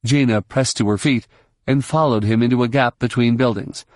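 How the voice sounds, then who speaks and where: Give me a man narrating a novel in a measured voice with a dry recording. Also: mid-range voice, steady tone, no echo. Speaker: audiobook narrator. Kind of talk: scripted narration.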